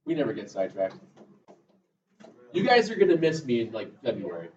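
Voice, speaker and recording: A man's voice: medium pitch, sing-song, a little fast. A male math teacher giving a classroom lecture, chatty and drifting into jokey asides. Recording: echoey classroom, mic far off, muffled, faint room noise.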